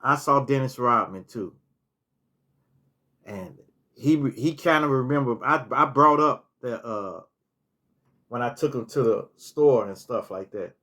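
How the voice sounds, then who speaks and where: A man's voice: medium pitch, unhurried, pauses often, bright, forceful tone. A middle-aged man telling casual stories on a vlog, rambling, restarting words and filling with "you know" as he recalls things. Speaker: storytelling vlogger. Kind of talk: casual storytime monologue.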